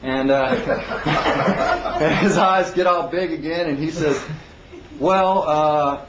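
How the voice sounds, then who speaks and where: A man's voice: fairly high pitch, unhurried. Man retelling a courtroom story, roomy lo-fi. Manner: animated retelling, acting out others in raised voices. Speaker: storyteller recounting his court case. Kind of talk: casual spoken anecdote. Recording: roomy dull lo-fi recording with faint hiss.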